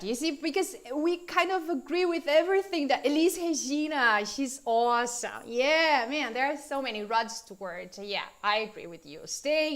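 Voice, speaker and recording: A woman from Brazil, a native Portuguese speaker, teaches an English class live, chatting with viewers in a loose, informal way. Her voice sits somewhat high, and she keeps asking the audience for examples. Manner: chatty and informal, many fillers, asks viewers questions.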